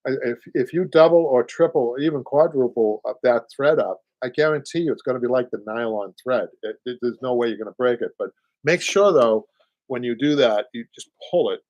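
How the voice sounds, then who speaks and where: A chatty Boston-accented man in his sixties hosts a live upholstery stream. His voice sits at an ordinary pitch and is recorded close and dry. He restarts his sentences and laughs easily. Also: a little mellow, no echo, highs cut off. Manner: chatty, halting, laughs often. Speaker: upholstery show host. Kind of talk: live-stream talk and teaching.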